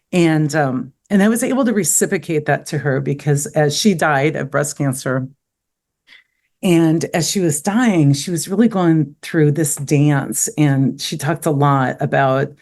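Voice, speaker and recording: Low-voiced woman telling personal stories. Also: a little mellow. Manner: candid, storytelling, many fillers. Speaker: podcast guest. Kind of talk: casual conversation.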